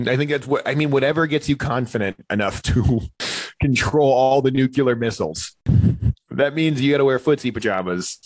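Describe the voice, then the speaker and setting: A man co-hosting a comedy podcast, building deadpan absurd arguments and laughing along. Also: mid-range voice, moderate pace. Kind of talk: casual comedic banter.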